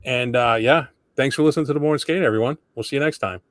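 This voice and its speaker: A man's voice: medium pitch, quick pace, fairly bright tone, no room sound, clean studio sound. A man hosting a podcast, chatting casually and telling self-deprecating stories. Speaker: podcast host. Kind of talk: casual interview chat.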